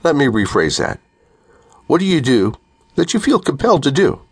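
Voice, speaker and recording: Man doing a commanding president, higher pitched, quick, probing questions, husky edge. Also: sing-song, no room sound, heavily acted. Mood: interrogating. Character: commanding male president interrogating a captive.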